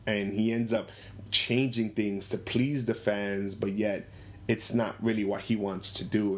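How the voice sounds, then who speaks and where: A man chatting casually about movies, laughing often and acting out characters in a raised voice. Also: lowish voice. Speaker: movie discussion co-host. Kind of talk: casual chat.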